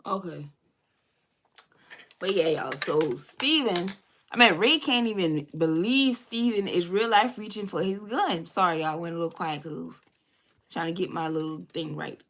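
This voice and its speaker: Doing her makeup on camera, a thirtysomething beauty vlogger tells her audience a laid-back story, addressing them as y'all and swearing without restraint. Her voice sits on the low side, with a fairly bright tone and a measured pace.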